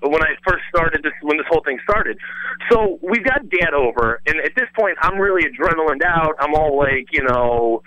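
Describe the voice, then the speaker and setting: Excited storytelling man, bright forceful voice. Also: on the high side, normal speed, no echo, highs cut off. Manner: rambling, restarts with lots of "like", swears freely. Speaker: former radio host telling a story as a guest. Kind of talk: animated casual storytelling.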